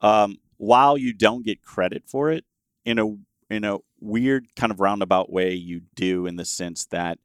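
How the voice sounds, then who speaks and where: A man speaking as a guest expert in a casual conversation, confident and emphatic, often answering with quick agreement. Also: lowish voice, clear, resonant tone, no room sound, studio quality. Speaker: guest expert on web marketing.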